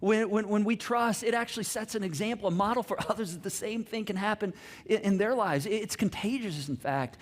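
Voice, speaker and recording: A man's voice: sits high, fairly quick. A middle-aged man preaching a sermon, telling stories with many restarts and quoted conversations. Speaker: pastor.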